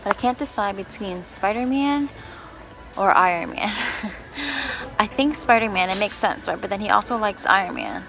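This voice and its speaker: A woman's voice: medium pitch, animated, moderate pace, creaky, fairly bright tone, faint music behind. A young woman and mother talking casually to her camera while out shopping, chatty and rambling, with frequent laughs. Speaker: vlogger, mother. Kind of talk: casual vlog talk to camera. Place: stores and home, in and out of doors.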